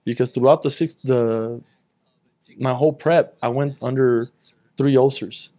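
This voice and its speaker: A man's voice: medium pitch, fairly even intonation, unhurried, dark tone. A young man in casual chat, telling a long story at a rambling pace, swearing freely and acting out what others said. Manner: rambling, swears freely, acts out quoted talk. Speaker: guest.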